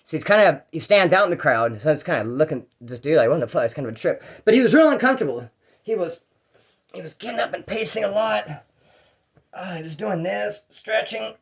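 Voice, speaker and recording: A storyteller with a high, creaky, breathy-edged voice tells his own jail stories fairly quickly, with lively intonation. His first-person account is casual, rambling, and slang-heavy, full of fillers and restarts.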